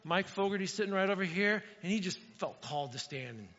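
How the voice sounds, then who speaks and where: A male pastor preaching a sermon, animated and talking straight to his congregation, acting out little quotes. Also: sits high, fast talker. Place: church sanctuary. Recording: dull sound with long hall reverb.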